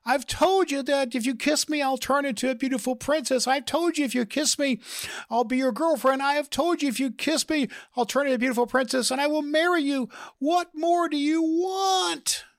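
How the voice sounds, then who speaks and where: A man voicing a female talking frog who begs to be kissed, in a strained falsetto. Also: sing-song, takes it slowly, creaky, pauses often, fairly bright tone, slightly rough, dry recording, clean studio sound, exaggerated voice. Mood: desperate. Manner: begging, growing frantic and shrill.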